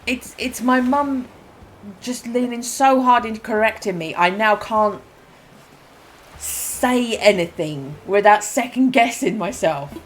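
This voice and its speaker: A woman in her fifties from Essex, with an Essex English accent softened by her mother's corrections. She chats casually as she plays a game, thinking aloud with ums and quick self-corrections. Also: on the high side, expressive, a little hiss or hum, rough recording. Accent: Essex English, softened by parental correction. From England, Essex. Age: 50s. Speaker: game streamer. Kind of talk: casual gameplay commentary.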